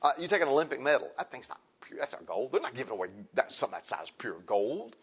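A man's voice: mid-range voice, big pitch swings, fast talker, breathy edge, highs cut off. A man preaching a sermon in a folksy, conversational way, asking his listeners frequent rhetorical questions.

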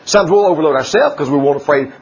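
A man preaching a folksy sermon, laughing often and swinging from loud declarations to hushed asides. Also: on the high side, animated, racing, husky. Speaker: pastor. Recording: dull lo-fi church recording.

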